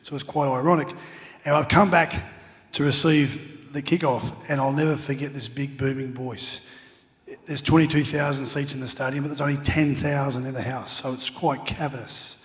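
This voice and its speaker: A man's voice: mid-range voice, fairly even intonation, normal speed, long reverb tail. A middle-aged Australian man telling funny stories as a guest speaker at an awards night. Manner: jokey anecdotes with acted-out shouts. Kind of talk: after-dinner storytelling.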